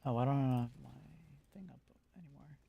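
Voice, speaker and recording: A woman's voice: rumbling low, a little fast, vocal fry, mellow, slightly rough. A woman co-hosting a reaction stream, making dry, bemused comments between giggles.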